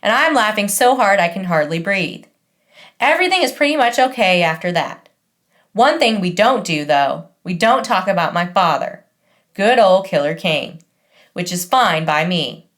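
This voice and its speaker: Woman narrating with a lively pitch. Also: moderate pace. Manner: wry, conversational teen voice. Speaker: audiobook narrator. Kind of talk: first-person audiobook narration.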